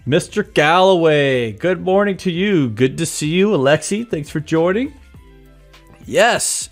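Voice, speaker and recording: Casting: male live-streamer, chatty and jokey, animated pitch, faint music behind. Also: unhurried. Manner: chatty, jokey, greets viewers by name. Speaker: livestream host greeting chat. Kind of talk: casual live-stream chat. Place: home office.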